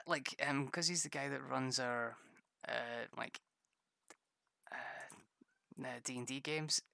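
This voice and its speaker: A man's voice: mid-range voice, vocal fry, bright, forceful tone, dry recording. A man chatting casually while streaming a game, rambling, stammering and laughing often. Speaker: gaming streamer. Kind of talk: casual gameplay chat with viewers.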